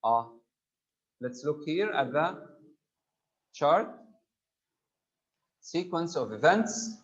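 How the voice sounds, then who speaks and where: A man's voice: fairly high pitch, lively intonation, extremely slow, dull audio. A man teaching an online English grammar class, explaining terms and checking in with students. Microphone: computer mic on a video call.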